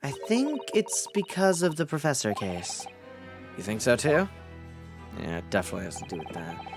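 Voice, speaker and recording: A man chats loosely and swears freely while he streams a game and reads its lines aloud. His voice sits at an ordinary middle pitch, and light music plays quietly behind him. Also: sing-song, normal speed, creaky. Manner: sweary, jokey, reads all characters aloud. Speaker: streamer reading a game's dialogue aloud. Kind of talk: casual chat and game reading.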